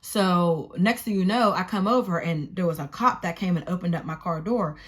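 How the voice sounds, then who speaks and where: Young woman vlogger, casual storytime, animated and swearing, openly exasperated. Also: lowish voice, moderate pace.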